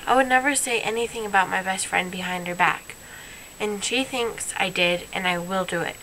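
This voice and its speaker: Young woman, bright voice, rambling hurt vlog confession, faint hiss on the recording. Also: mid-range voice, moderate pace, rough recording. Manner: earnest, rambling, upset. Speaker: vlogger.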